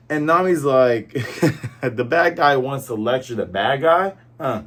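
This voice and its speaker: A young man hosting a manga review, casually recapping a chapter and acting out the characters' lines in quick, playful voices. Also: mid-range voice, expressive, breathy edge.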